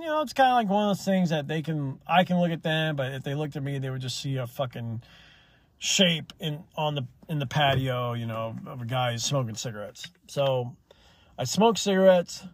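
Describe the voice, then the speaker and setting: Young man, solo commentary, swearing, rambling, fairly high voice, dry close sound. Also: normal speed, no room sound. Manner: profane, rambling, opinionated. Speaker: podcast host.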